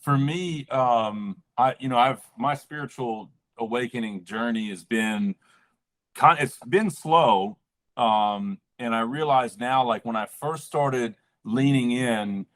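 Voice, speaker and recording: A man's voice: mid-range voice, slow pace, fairly bright tone. Rambling laid-back man. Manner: rambling, lots of fillers, swears casually. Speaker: podcast guest. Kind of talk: casual chat.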